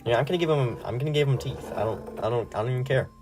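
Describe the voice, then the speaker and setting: A man's voice: mid-range voice, rapid-fire. A young man chatting casually on a livestream while he draws, rambling and laughing at himself. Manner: rambling, giggly, self-deprecating. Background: background music.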